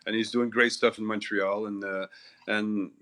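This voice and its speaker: A man from Canada answering as a guest in a live video chat, modest and halting with many fillers. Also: fairly low pitch, little pitch movement, fairly bright tone. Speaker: guest, retired kickboxing champion. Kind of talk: casual interview answers.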